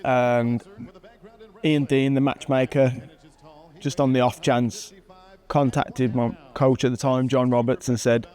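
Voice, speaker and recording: A man in his thirties, an MMA fighter, casually commentating on his own old fight footage with animated excitement and frequent chuckles. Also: mid-range voice, slow pace, pauses often. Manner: animated, chuckles at himself, bursts of excitement at big moments. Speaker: MMA fighter and channel host.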